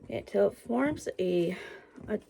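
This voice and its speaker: Her voice is mid-range, animated yet a little slow, creaky and dark-toned as she casually walks viewers through cooking at home. Slightly breathless, she chats, narrates what she's doing, and addresses everyone as "guys" over noisy kitchen sound.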